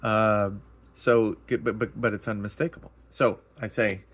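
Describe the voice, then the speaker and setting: A man's voice: fairly low pitch, fairly even intonation, moderate pace, fairly bright tone. A man casually sharing a personal testimony, earnest and emotional, rambling and repeating himself as he tells it.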